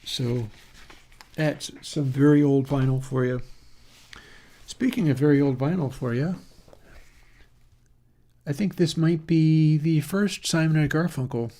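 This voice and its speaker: A man's voice: fairly high pitch, a little slow, long pauses, dark tone. Rambling man musing aloud. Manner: musing, thinking aloud, frequent fillers and self-corrections. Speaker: host of an audio plugin channel. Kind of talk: casual rambling chat.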